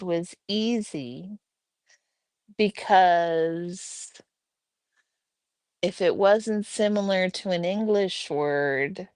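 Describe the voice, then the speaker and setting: A woman hosting a casual livestream at home, chatting and reading out viewers' messages in a relaxed way. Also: medium pitch, smooth, no echo. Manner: relaxed, reads chat aloud, chatty asides. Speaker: livestream host. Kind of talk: casual chat with live chat.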